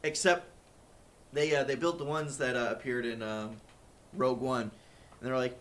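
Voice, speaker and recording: Young man, podcast co-host, mid-pitched voice, laid-back, swears freely. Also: fairly even intonation, normal speed, pauses often, a bit bright. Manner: laid-back, profane, enthusiastic. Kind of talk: casual chat.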